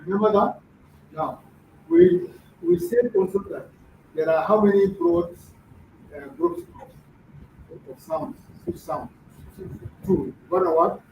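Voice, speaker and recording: A man teaches a classroom lesson, slow and deliberate, his voice high and swinging widely in pitch. He keeps asking the students questions. The recording is distant, muffled and echoey, as in a large room. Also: big pitch swings, vocal fry, a little hiss or hum. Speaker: language teacher. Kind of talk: classroom lecture. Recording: dull echoey room from far off.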